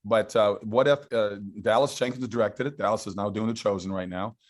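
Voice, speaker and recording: A man's voice: lowish voice, steady tone, a little fast. A middle-aged man, a guest actor, telling stories with enthusiasm in a casual interview. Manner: enthusiastic storytelling.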